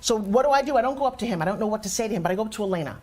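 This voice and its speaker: A woman from Long Island with a New York accent, telling animated stories as a guest in a casual interview. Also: medium pitch. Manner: animated storyteller, fast and energetic. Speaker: guest speaker.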